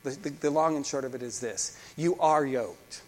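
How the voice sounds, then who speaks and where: A man's voice: medium pitch, normal speed. A man preaching a sermon as pastor, fervent, with frequent repeated restarts.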